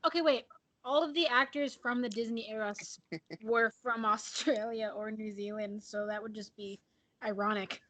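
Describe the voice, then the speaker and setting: Brief: female co-host, higher voice, chatty and easygoing. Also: fairly even intonation, moderate pace, fairly bright tone, rough recording. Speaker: podcast co-host. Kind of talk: casual group chat.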